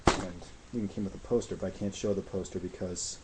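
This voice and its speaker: A man talking casually in a review video, rambling and gushing excitedly, a little out of breath. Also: low voice, a little fast, heavy background noise. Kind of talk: casual movie review vlog.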